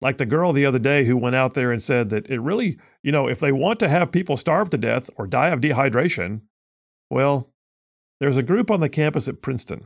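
A man's voice: mid-range voice, lively intonation, brisk. A male talk radio host, giving sarcastic, mocking commentary and laughing often.

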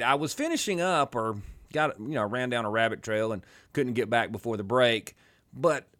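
A man's voice: mid-range voice, fairly bright tone. A middle-aged man with a twangy Alabama accent hosting a talk radio show, rambling through casual banter with joking asides. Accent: Southern US (Alabama).

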